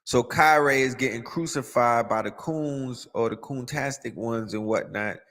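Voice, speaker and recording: A man hosting a podcast, giving animated, profane commentary in street slang. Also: medium pitch, measured pace, big-room sound. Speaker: podcast host. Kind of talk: casual conspiracy commentary.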